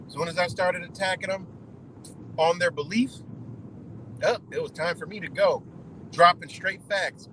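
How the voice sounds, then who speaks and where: A man's voice: high-pitched, noisy background. A man hosting a livestream, ranting casually in a rambling, profane, emphatic way. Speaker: livestream host.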